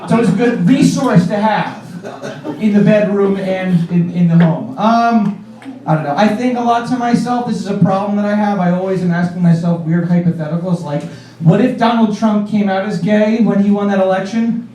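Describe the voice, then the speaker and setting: A man's voice: high-pitched, moderate pace, mellow, slight background noise. A man performing a stand-up comedy set on stage, rambling and laughing at his own jokes, with lots of "like". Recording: echoey room from far off.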